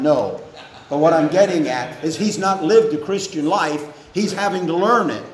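A man preaching a sermon to his congregation in a church, earnest and measured, with pauses between phrases. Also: on the high side, lively intonation, slight background noise. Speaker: pastor. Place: church sanctuary. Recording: echoey church room, faint ambience.

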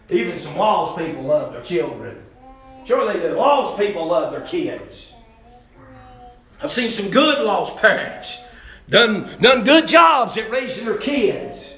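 Folksy preacher in an echoey church. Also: male voice, a little high. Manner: folksy, impassioned, swings between loud exhortation and hushed intensity. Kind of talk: sermon. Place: church sanctuary.

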